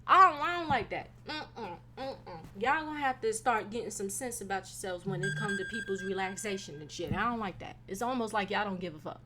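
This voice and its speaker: A young woman hosting a casual solo podcast, venting in a profane, animated way with sudden loud bursts. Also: medium pitch, fairly quick, few pauses, a little hiss or hum. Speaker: podcast host.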